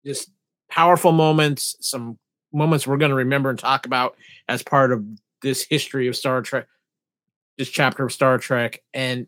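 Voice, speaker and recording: A man's voice: medium pitch, a bit bright, no echo. Earnest man with a mid-range voice. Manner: earnest and effusive. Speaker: podcast co-host. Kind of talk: casual podcast discussion.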